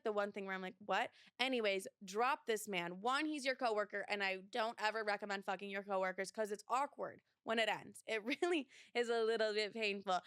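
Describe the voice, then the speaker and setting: A woman's voice: mid-range voice, fairly bright tone, no echo, studio quality. Blunt young woman podcast host. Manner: blunt, swears freely, many fillers. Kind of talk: casual advice podcast.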